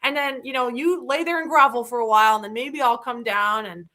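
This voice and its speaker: A woman with a high, light voice hosts a relaxed conversation about faith. She talks in bursts of animation, slipping into quick voices for the people she quotes. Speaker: host. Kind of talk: casual faith chat.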